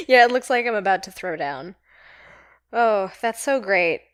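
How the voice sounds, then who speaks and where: A woman's voice: medium pitch, slow, dry recording. Brief: female podcast co-host, easygoing and laughing, dry close mic. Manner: laughs easily, relaxed and friendly. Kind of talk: casual chat.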